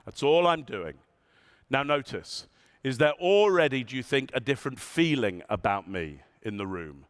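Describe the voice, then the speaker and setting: A man giving a conference keynote in a large hall, animated and asking the audience questions, sometimes dropping his voice low and soft to show a point. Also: normal speed. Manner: demonstrates tones, drops voice low and soft. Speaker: keynote speaker.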